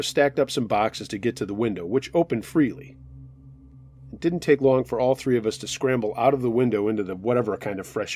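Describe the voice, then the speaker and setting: In a mid-range voice with a breathy edge, a man narrates listeners' true scary stories in the first person, keeping a steady storytelling rhythm.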